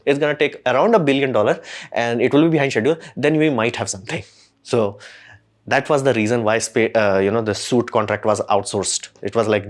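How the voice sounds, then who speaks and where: A man hosting a casual commentary, talking in a rambling, slangy, exasperated way with frequent animated outbursts. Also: medium pitch, a little fast. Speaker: host.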